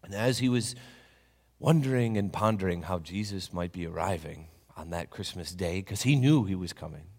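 A man preaching a sermon as a dramatic story, with lively questions and hushed asides, in a church with long reverb. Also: low voice, moderate pace.

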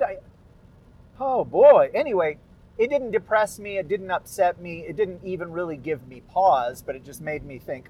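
A man's voice: high voice, expressive, normal speed, a little mellow, slightly rough, low-quality recording. A man talking casually about his narration work, rambling with self-deprecating asides. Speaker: podcast narrator of public domain stories. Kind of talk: casual chat after a reading.

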